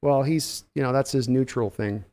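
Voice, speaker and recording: A man's voice: medium pitch, normal speed, darkish tone. A man hosting a casual live-stream podcast, reading viewer comments aloud and answering them offhand. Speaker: podcast host.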